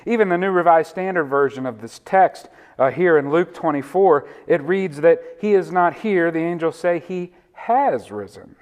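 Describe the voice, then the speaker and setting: A man's voice: a little high, animated, moderate pace, few pauses, a little mellow. A man preaching a sermon as pastor, laughing often and leaning hard on single words.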